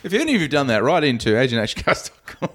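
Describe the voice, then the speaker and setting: A man's voice: medium pitch, very animated, racing, a bit bright, slight background noise. A man hosting a podcast, casually retelling movie scenes and acting out lines. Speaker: podcast host. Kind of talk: casual movie recap chat.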